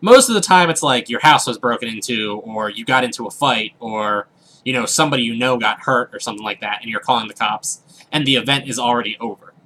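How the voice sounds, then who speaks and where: Chatty young man with a bright voice. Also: medium pitch, brisk. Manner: rambling, filler-heavy, chatty. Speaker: let's play host. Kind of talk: casual gameplay commentary storytelling.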